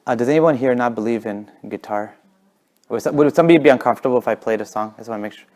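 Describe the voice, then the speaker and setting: A man telling stories in a casual talk, talking fast and animated, sometimes dropping to a whisper for effect. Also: mid-range voice. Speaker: guest speaker.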